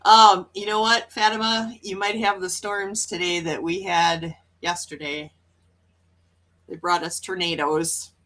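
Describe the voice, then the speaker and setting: Speaking at a measured pace with fairly even intonation, this Wisconsin woman runs a relaxed morning livestream. Her fairly low, slightly bright voice stays chatty and cheerful as she reads viewer messages, laughing frequently.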